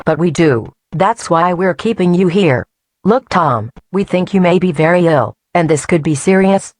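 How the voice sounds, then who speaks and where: A woman's voice: lowish voice, animated, normal speed, a little mellow, no room sound. A woman playing a composed, guarded hospital staff member in an amateur audio drama. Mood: firm.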